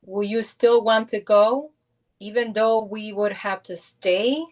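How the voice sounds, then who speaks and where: An actress playing a protective mother who speaks in a measured, firm way. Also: medium pitch, fairly even intonation, a little mellow, natural voice. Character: protective mother, stern but loving.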